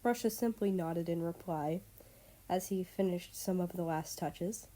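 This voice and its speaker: A woman's voice: lowish voice, measured pace, mellow. A woman reading fan fiction aloud as narrator. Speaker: story reader.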